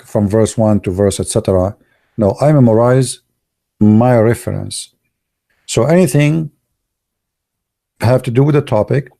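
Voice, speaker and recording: A man whose first language is Arabic, telling stories casually in broken English, excitable and laughing at his own jokes. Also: on the low side, gravelly. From Arab world. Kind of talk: casual storytelling monologue.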